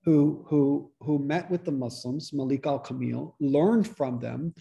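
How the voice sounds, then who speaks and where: A man, a priest, giving a relaxed, conversational teaching talk to a church study group, restarting his sentences often. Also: fairly high pitch, measured pace, vocal fry. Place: church meeting room.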